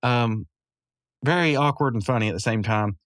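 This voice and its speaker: A man's voice: mid-range voice, moderate pace, fairly bright tone, dry recording, clean studio sound. A man recapping a cartoon episode in a rambling, casual way, chuckling often and full of fillers. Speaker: podcast host.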